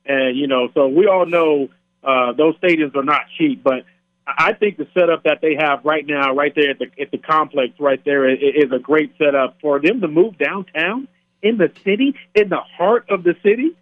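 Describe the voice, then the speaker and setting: A man guest on a sports radio show, talking in a relaxed, rambling way with many fillers over the phone. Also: on the high side, moderate pace, no echo. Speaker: guest on sports radio, former football player. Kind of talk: casual phone interview. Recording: tinny phone line.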